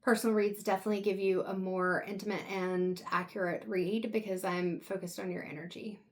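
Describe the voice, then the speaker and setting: Woman tarot reader, mid pitch, soft and halting, emotional. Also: flat delivery. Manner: soft, reflective, halting with pauses. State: emotional, close to tears. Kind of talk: intuitive tarot reading.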